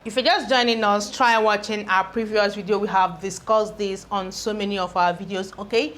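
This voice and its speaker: A woman's voice: medium pitch, fairly bright tone. A woman teaching an English spelling lesson, repeating each word and checking in with "okay?". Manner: repeats each word several times, ends points with "okay?".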